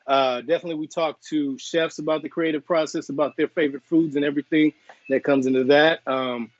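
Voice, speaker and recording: A man chef talks loosely and cheerfully through a live cooking stream. He drops fillers, tastes the food on air and jokes to viewers as he goes. The sound is dry and a little muffled, like low-grade live stream audio. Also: fairly quick, no room sound. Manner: relaxed, chatty, tasting and chewing on air with playful apologies. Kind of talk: casual live cooking chat.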